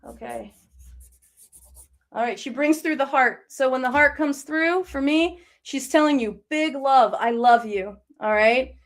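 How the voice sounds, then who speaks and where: A woman with a high voice hosts a live psychic reading show. She talks to her guests in a reassuring, encouraging way. She speaks informally and chattily. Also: a little slow, fairly bright tone. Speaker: psychic medium host.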